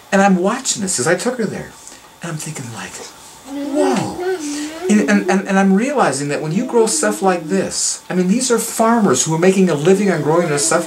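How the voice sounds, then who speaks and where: A man's voice: high voice, slight background noise, poor audio. An older man telling stories on a garden tour, enthusiastic and preachy, repeating and restarting his words. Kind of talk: casual storytelling. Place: outdoor garden.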